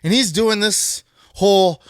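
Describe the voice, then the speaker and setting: A man hosting a wrestling podcast, talking in a blunt, animated way and swearing a lot. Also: high-pitched, unhurried, smooth, no echo, clean studio sound. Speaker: podcast host. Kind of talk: casual profane commentary.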